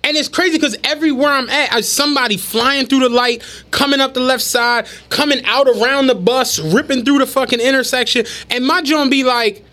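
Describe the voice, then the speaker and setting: A man, co-hosting a podcast and telling animated, profane stories in casual chat. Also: very high voice, brisk, few pauses. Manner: animated storytelling, heavy slang and profanity. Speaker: podcast co-host.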